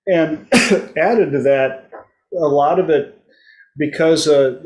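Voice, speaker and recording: A man on a casual group video call who talks unhurriedly, telling small anecdotes. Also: medium pitch. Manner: slow, anecdotal. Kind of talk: casual panel discussion.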